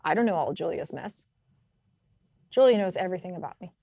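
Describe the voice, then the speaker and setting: A woman co-hosting a podcast, telling stories in a lively, casual way and laughing often. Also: lowish voice, brisk, gravelly, no echo. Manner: animated storytelling, laughs often. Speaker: podcast co-host. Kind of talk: casual faith chat.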